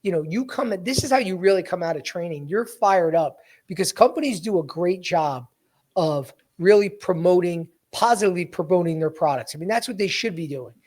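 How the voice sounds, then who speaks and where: A man's voice: high voice, lively intonation, fairly quick, darkish tone. A man hosting a podcast as a sales coach, talking bluntly to his listeners and calling them guys. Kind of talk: energetic coaching talk.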